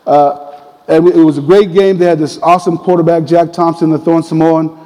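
A man preaching a sermon, telling a personal story in a conversational, animated way. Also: a little high, moderate pace, big-room sound, rough recording. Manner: conversational, animated retelling with quoted voices.

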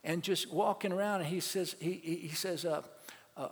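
Pastor preaching, kinda high voice, big echoey church sound, storytelling into call and response. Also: male voice, fairly even intonation, normal speed. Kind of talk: sermon. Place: church sanctuary. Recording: long church reverb.

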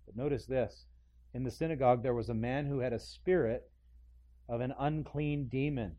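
Mellow-voiced preacher, casual and punchy. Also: male voice, mid-range voice, moderate pace, muffled recording. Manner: conversational preaching, acts out quotes with sudden loud bursts. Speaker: pastor. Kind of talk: expository sermon.

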